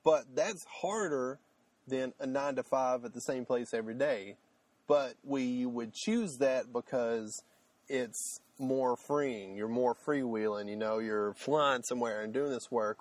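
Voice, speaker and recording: A man co-hosting a casual podcast, thinking aloud in loose, rambling sentences full of fillers and restarts. His mid-pitched voice sounds dry and close, with little room echo. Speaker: podcast co-host. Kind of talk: casual chat.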